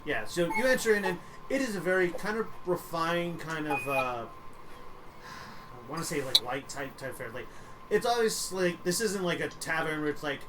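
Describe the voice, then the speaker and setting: A man's voice: fairly high pitch, normal speed, heavy background noise. A young man narrating as game master for a streamed tabletop game, rambling with many fillers and casual swearing.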